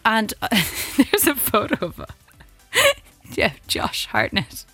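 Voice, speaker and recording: A woman's voice: on the high side, wildly swooping pitch, slow, bright, forceful tone, dry recording, faint music behind. An Irish woman radio host chatting casually on air and reading the traffic, laughing often.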